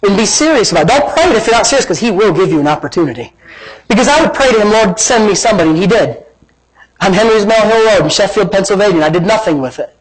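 A man's voice: sits high, animated, quick pace, slightly rough, low-quality recording. A man preaching a sermon as pastor, emphatic and repetitive, acting out imagined conversations, then leading a prayer and altar call. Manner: emphatic preaching, repeats lines, plays out imagined dialogue.

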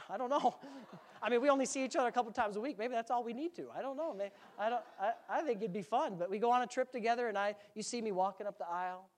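Male pastor, conversational sermon, easygoing jokes with the congregation, church sanctuary. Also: very high voice.

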